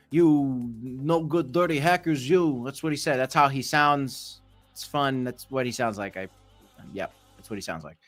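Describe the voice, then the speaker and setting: A man's voice: fairly high pitch, fairly bright tone. A man hosting a crypto livestream, rambling and joking with frequent restarts. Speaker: crypto channel host. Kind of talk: livestream commentary.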